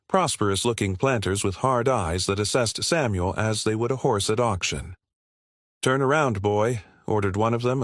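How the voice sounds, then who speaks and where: A man narrating a scripted story in a steady, measured way. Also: on the low side, no echo, studio quality.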